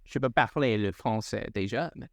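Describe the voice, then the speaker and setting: A young man co-hosting a podcast in casual chat, animated and laughing often, with quick swings in pitch. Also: gravelly, dry recording, studio quality. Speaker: podcast co-host.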